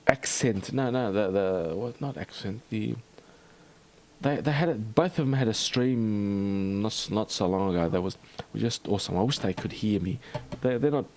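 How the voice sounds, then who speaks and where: An Australian man hosting a livestream in a rambling, halting chat full of fillers and restarts. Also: on the low side, a little mellow. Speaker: livestream host.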